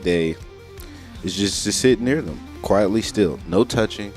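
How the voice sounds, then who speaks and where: A man's voice: low voice, a little slow, soft background music. A man co-hosting a morning radio show, reading a playful list and joking casually with his partner. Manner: laid-back, joking, chuckles often. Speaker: radio co-host.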